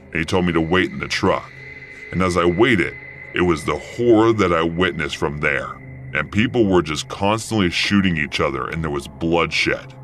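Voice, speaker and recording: A man's voice: sits low, a bit bright. A man narrating a true horror story in the first person, in an earnest, plain storytelling way.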